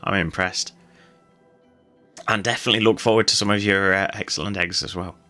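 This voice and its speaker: A man's voice: low voice, steady tone, fairly quick, bright, forceful tone, faint music behind. A man playing a tabletop game, speaking hesitantly and repeating words as he thinks. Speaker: player.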